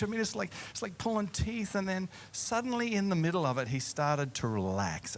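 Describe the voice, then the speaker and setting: A middle-aged pastor telling a humorous story from a church stage into a mic. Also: male voice, high-pitched. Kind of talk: sermon storytelling.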